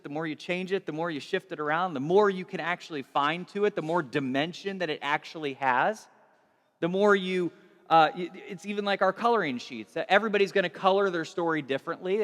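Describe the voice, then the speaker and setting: A man's voice: fairly high pitch, fairly bright tone, long reverb tail. A man preaching a casual, conversational sermon, telling stories with a self-deprecating, loose manner and plenty of restarts. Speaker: pastor.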